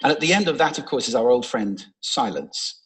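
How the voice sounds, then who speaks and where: Lively, playful man giving a stage talk. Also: mid-range voice, moderate pace, husky, poor audio. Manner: expressive, playful, demonstrates voice techniques. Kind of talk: public talk with vocal demonstrations. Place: large stage before an audience. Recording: played from a talk recording.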